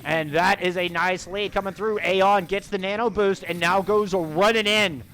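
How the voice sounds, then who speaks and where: A man casting live esports play-by-play, rapid and rising to shouts at big plays. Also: high voice, fairly even intonation, soft background music.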